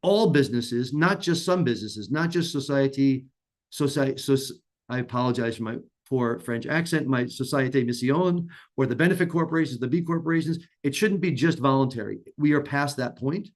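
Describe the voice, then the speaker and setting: A man's voice: medium pitch, brisk. Man, conference talk, earnest, emphatic delivery, frequent restarts. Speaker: conference speaker.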